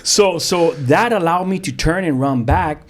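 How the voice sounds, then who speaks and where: A man, a pastor telling his own story as a guest in lively, vivid storytelling with street slang and sound effects. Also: on the high side, measured pace. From South Central Los Angeles. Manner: frequent restarts, street slang. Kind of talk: animated storytelling.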